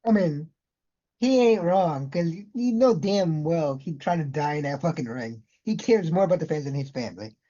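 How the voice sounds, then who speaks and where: A podcast co-host chiming in on a wrestling review in a relaxed, joking way. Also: medium pitch, moderate pace, dull audio. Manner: laid-back, laughs along, chimes in. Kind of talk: casual wrestling review chat.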